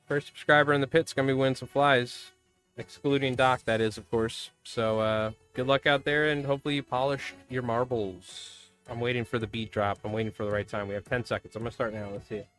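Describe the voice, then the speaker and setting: A man streaming live, chatting casually and calling a marble race with loud bursts of excitement. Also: medium pitch, fairly quick. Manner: rambling, laid-back, bursts into loud excited commentary. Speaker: streamer and fly tier. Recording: faint music under the voice. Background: background music.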